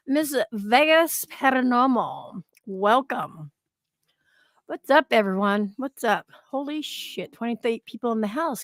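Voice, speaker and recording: A woman's voice: sits high, no room sound, studio quality. A woman hosting a casual livestream, chatting, swearing freely and greeting viewers from the chat. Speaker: livestream host.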